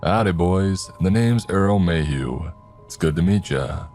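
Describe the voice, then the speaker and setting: A man's voice: sits low, expressive, a little mellow, soft background music. A man doing a folksy old property owner. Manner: easygoing, folksy, drawn-out country phrasing. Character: folksy older male client in cowboy hat.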